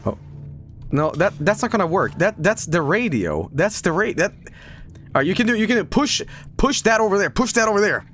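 Excitable man as gaming streamer, high, very lively voice, swears and laughs a lot. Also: normal speed, slight background noise. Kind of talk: casual let's-play commentary.

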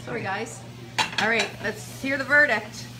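Woman, cooking video host, slightly high and upbeat, playful chatter, noisy ambient kitchen recording. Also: a little slow. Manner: bubbly, playful and chatty, with sing-song asides. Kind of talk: casual cooking demonstration to camera. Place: kitchen at a retreat center. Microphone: handheld camera or phone.

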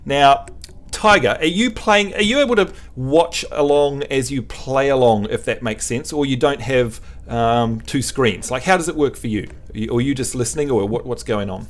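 A man's voice: medium pitch, moderate pace. A man hosting a casual game livestream, joking with his chat and teaching the basics. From New Zealand. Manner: chatty, jokey, teasing the chat. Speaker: livestream host.

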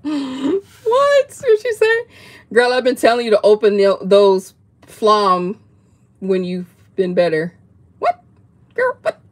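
A woman with excitedly unboxing gifts on a livestream, gushing, gasping and laughing often. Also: mid-range voice, unhurried, pauses often. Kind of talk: excited live unboxing chat.

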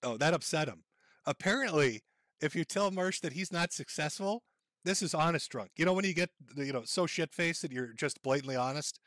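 A man's voice: a little high, brisk, fairly bright tone, dry recording. A man hosting a stream, mocking and ridiculing the person in the clips he plays. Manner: sneering, ridiculing, laughs at clips.

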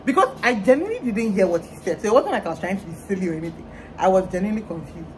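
A woman's voice: mid-range voice, racing, slight background noise, poor audio. A young woman, hosting a casual chat and telling stories with mimicked voices. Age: young adult. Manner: animated storyteller, mimics voices. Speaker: vlog host.

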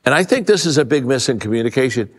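A folksy older man, animated and fast, gives a conversational keynote to a live audience in a large event hall with long reverb. A leadership speaker, he tells stories with many stammered restarts and drops his voice low for emphasis.

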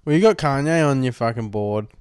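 A man's voice: mid-range voice, lively intonation, fairly quick, a little mellow, smooth, no room sound, studio quality. A young man co-hosting a podcast, bantering casually and joking with swearing. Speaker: podcast co-host.

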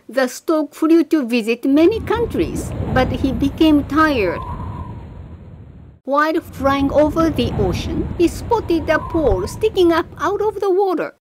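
A woman narrates a fable in a slow, expressive storybook manner. Her voice sits high and swings widely in pitch. Steady background noise hisses under the recording. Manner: slow, expressive read-aloud.

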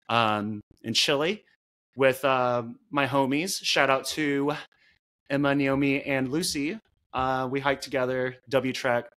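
Bright-voiced young male podcast host. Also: medium pitch. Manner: relaxed, laughs between thoughts, many fillers. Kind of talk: casual chat.

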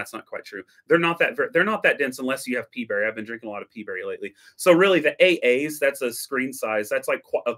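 A man chatting on a late-night stream, his talk spilling out in loose, restless rambles. He keeps correcting himself mid-sentence and breaks off into jokey asides. His voice sits at an ordinary male pitch. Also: pushed and bright. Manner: jokey, breaks into mock dialogue. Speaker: coffee educator hosting a stream. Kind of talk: late-night livestream chat.

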